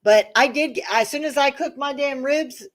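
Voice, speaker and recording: Woman, stream host, high pitch; profane, animated storyteller who acts out the quotes. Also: moderate pace. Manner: profane, animated, acts out voices in her stories. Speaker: host of a live talk stream. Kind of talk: casual storytelling chat.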